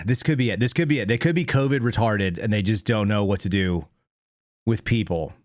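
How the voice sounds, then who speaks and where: A man's voice: lowish voice, normal speed, no echo, clean studio sound. Rambling, laughing male talk show host. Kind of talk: casual storytelling chat.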